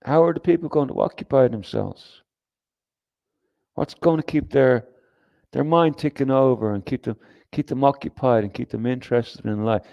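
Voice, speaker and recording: A man's voice: mid-range voice, moderate pace, vocal fry, no room sound, dull audio. A man hosting a livestream, talking in a rambling, profane, emphatic way with frequent restarts and reading comments from chat. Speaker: livestream host.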